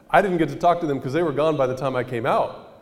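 Man preaching in a ringing hall. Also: a little high. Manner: conversational, animated, addresses audience with questions. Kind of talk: storytelling sermon.

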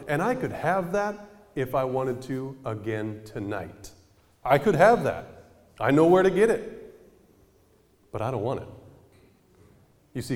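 A man preaching a storytelling sermon in a conversational, animated way, often tossing questions to the congregation. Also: mid-range voice, big-room sound.

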